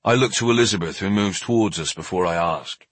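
A man's voice: low voice, brisk, husky, dry recording. A man narrating a story in the first person, tense and earnest. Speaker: audiobook narrator.

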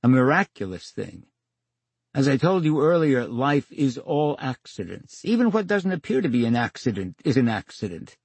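A man's voice: mid-range voice, very animated, moderate pace, darkish tone, slightly rough, dry recording. An older man telling stories as a guest in a radio interview, acting out the dialogue with dry wit. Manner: theatrical storyteller, acts out dialogue, wry. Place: radio studio.

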